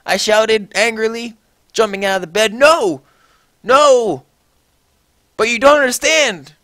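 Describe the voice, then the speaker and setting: A young man with a mid-range voice gives a mocking dramatic reading of a story, peppering it with sarcastic asides. His comedic delivery shifts between flat and loud, captured in a dry recording.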